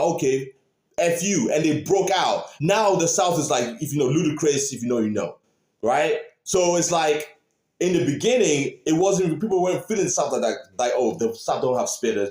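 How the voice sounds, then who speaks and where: A man hosting a reaction video, talking casually and excitedly to his viewers and repeating his points. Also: on the high side. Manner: animated, repeats phrases, talks to viewers. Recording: roomy echo.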